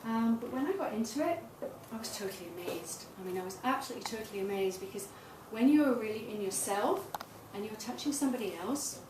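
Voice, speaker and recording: Animated and fast, with hardly a pause, a middle-aged woman with a slightly high voice gives a self-deprecating, candid public talk about her work as a tantra massage teacher. The setting is a small event space, and the recording is roomy, noisy, and distant-miked.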